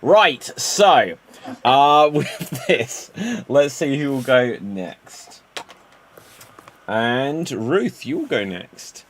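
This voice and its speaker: A man hosting a live online improv show, brisk and jokey, with frequent fillers. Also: medium pitch, lively intonation, a little hiss or hum.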